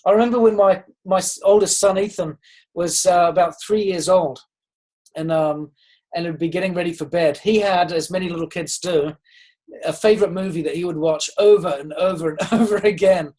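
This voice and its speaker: A man's voice: high voice, steady tone, normal speed, darkish tone, low-quality recording. Earnest man coaching on a group call. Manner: earnest and encouraging, with frequent ums and restarts; asks listeners direct questions. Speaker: leadership coach. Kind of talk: motivational talk on a group call.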